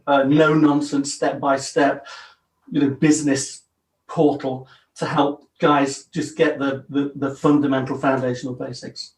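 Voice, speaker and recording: A man, a business coach on a podcast, explaining his method in an earnest, down-to-earth way over a video call. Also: mid-range voice. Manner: earnest, explanatory, self-deprecating. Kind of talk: interview answers. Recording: roomy, distant from the mic.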